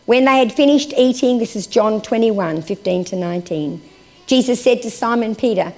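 A woman preaching a sermon and reading scripture aloud, her voice lifting for emphasis and then dropping to hushed, slow phrases. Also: fairly high pitch, animated.

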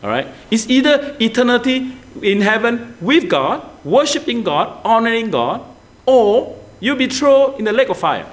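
A man's voice: very high voice, a little slow. A man preaching a sermon, constantly asking his congregation questions and urging online viewers to comment. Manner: animated, asks the congregation many questions.

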